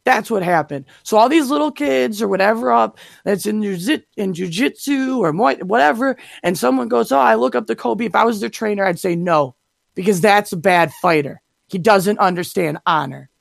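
A woman with a gravelly, creaky voice talks bluntly on a podcast, heated and swearing freely. Her voice sits at a middle pitch, and the recording is dry and close. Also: lively intonation, normal speed, no echo. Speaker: podcast co-host. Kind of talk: casual chat.

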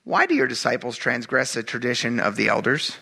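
Animated, chatty male pastor preaching. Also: medium pitch, a little fast, creaky, slightly rough. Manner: animated, acts out quotes in raised voice; casual, chatty, asks congregation "right?". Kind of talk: sermon.

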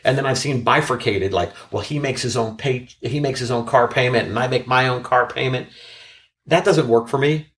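A man's voice: mid-range voice, normal speed, a bit bright. A man, a bankruptcy lawyer, telling an earnest story from his practice in a casual panel chat. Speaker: bankruptcy attorney on a podcast panel.

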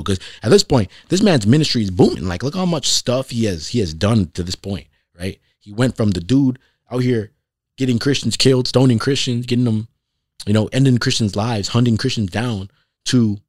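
Man, low voice, dry close sound, casual faith talk, conversational, keeps asking "right?". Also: a little mellow, no echo. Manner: conversational, often adds "right?" for emphasis. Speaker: podcast host.

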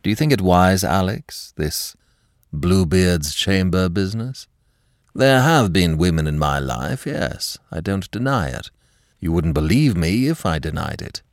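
Secretive husband in a storybook reading, deep and grave, dry close sound, as the narrator plays him. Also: male voice, animated, no echo. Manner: grave, low, deliberate. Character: husband, smooth-talking, secretive, quick to anger. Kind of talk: audiobook character reading.

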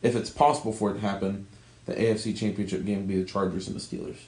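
A man's voice: lowish voice, steady tone, fast, a little mellow, echoey room, poor audio. A man co-hosting a podcast, chatting casually about sports, joking, opinionated and swearing freely. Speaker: podcast co-host.

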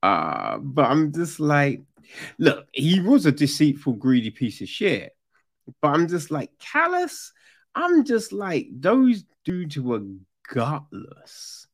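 Animated profane man. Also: on the high side, takes it slowly, gravelly. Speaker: true crime commentator. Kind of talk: casual commentary.

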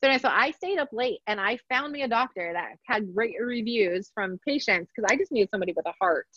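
A middle-aged woman telling a personal story in conversation, animated and acting out the voices of others, laughing often. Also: fairly high pitch, quick pace, no echo. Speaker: podcast guest. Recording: dull, dry sound.

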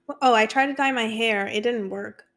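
A woman's voice: on the high side, a bit bright. A young woman hosting her own podcast, chatting candidly and casually, with frequent swearing. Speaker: podcast host. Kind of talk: casual solo podcast chat.

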